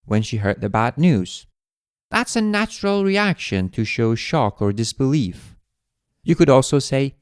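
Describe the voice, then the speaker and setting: A man teaching an English lesson, explaining phrases in a clear, deliberate way. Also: on the high side, sing-song, no echo, studio quality. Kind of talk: scripted language lesson.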